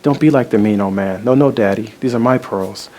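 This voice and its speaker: A man's voice: lowish voice, brisk, dark tone, a little hiss or hum, close to an everyday voice. A man telling of a pleading little girl. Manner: pleading, repetitive. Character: frightened little girl clinging to her pearls.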